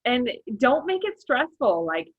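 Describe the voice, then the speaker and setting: A cheerful woman chatting on a podcast, laughing easily as she gives tips. Her voice is husky and a little breathy, picked up dry and close. The sound is slightly dull and lo-fi. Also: high-pitched, very animated, a little slow, dry recording. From Arizona, USA. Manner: bubbly, laughs often. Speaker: guest baker. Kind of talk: casual podcast chat.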